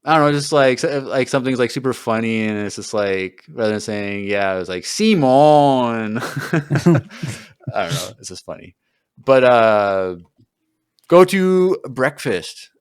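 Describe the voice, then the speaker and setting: Chatty co-host: a man with a smooth, clean voice who fills the gaps with loose, self-deprecating talk. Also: fairly low pitch, expressive, moderate pace, no room sound, studio quality. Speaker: podcast co-host. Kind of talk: casual podcast chat.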